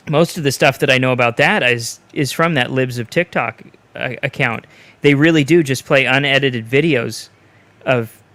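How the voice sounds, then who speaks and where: A man's voice: mid-range voice, fairly bright tone. A man co-hosting a podcast in casual chat, ranting bluntly and swearing freely. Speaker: podcast co-host.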